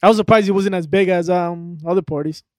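A young man on a casual podcast, relaxed and slangy with some teasing. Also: high-pitched, quick pace, dry recording, clean studio sound. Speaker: podcast co-host. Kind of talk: casual chat.

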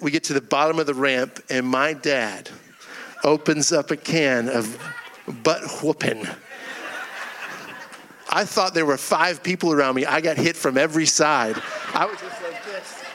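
A middle-aged male pastor from Florida delivering a sermon, telling a humorous personal story in a folksy, animated way. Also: on the high side, slight background noise.

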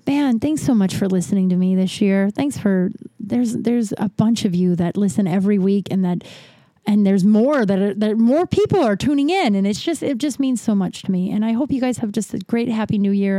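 A woman's voice: mid-range voice, dark tone, no room sound. A woman in her thirties hosting a solo podcast, rambling in a confessional way with many fillers and tag questions. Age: 30s. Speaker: podcast host. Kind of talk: casual solo podcast monologue.

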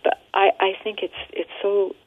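A woman, a nun and hospice worker, speaking as a guest in an interview about grief and dying, gently and reflectively, often repeating words as she thinks. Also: medium pitch, little pitch movement, moderate pace. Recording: tinny phone line.

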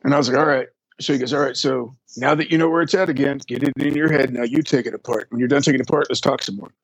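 A man's voice: mid-range voice, fairly even intonation, rapid-fire, slightly rough, no echo. A man, a drum tech, telling rambling, profane stories in a casual interview and acting out the people he quotes. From Texas.

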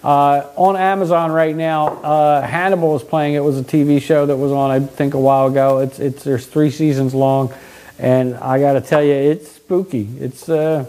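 Male podcast host, slightly high pitch, loose jokey delivery. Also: little pitch movement, normal speed, warm tone. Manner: jokey, reads out viewer comments. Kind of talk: casual joking chat.

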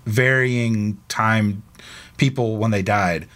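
A man's voice: fairly low pitch, slow, a bit bright. A man co-hosting a casual podcast, laid-back and chatty, reading a listener's email aloud with asides and laughs. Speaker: podcast co-host.

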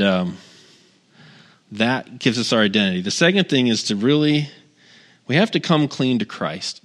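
A man's voice: mid-range voice, a bit bright. A man in his thirties, a guest pastor giving a conversational sermon in a church, earnest and repeating key phrases for emphasis while talking straight to the congregation. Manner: talks directly to the congregation with asides.

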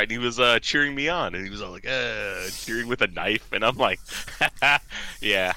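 A man's voice: on the low side, moderate pace, bright, forceful tone, clear, resonant tone, no echo. A man in casual chat, joking and swearing freely.

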